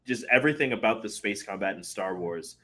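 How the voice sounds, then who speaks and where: A man co-hosting a podcast in casual chat, relaxed and often trailing off with fillers. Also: lowish voice, fairly quick. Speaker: podcast co-host.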